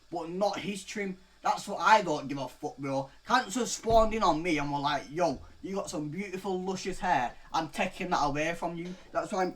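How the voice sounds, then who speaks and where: A young man in his late teens tells a story-time rant in a rambling, profane flow. His voice sits a little high, and he drops "bro" after nearly every phrase. He lurches between low mutters and loud, animated outbursts. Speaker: vlogger.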